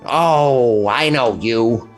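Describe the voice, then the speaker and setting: A man voicing a cranky, eccentric middle-aged man who shouts at his dog. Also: medium pitch.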